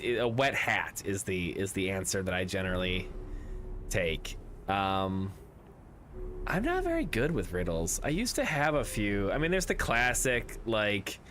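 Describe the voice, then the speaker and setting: A man's voice: fairly low pitch, a bit bright, slight background noise. A man streaming a tabletop game with friends, chatting casually, rambling through jokes and riddles and swearing now and then.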